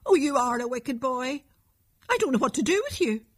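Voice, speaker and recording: A woman voicing an anxious village mother who scolds her son, with a husky, higher voice. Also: lively intonation, normal speed. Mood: angry. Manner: reproachful, then angry.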